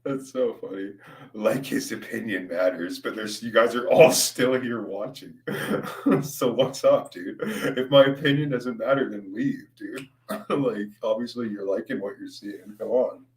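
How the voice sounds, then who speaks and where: A man's voice: on the low side, measured pace. A young man chatting on a livestream, stoned, rambling, laughing often and swearing freely. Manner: rambling, laughing, swears a lot, says "dude". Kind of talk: casual livestream chat. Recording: roomy, distant from mic.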